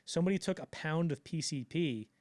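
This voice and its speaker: Podcast co-host, man, fast and slightly high, animated storyteller who acts out the quotes. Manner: fast, loose, lots of fillers. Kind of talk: casual storytelling chat.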